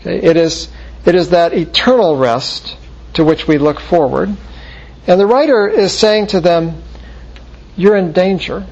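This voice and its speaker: A man's voice: high voice, lively intonation, unhurried, vocal fry, a little mellow. A man preaching an expository Bible lesson, explaining verses step by step and checking in with the listeners. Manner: explanatory, asks checking questions like "okay?" and "right?". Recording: dull lo-fi recording.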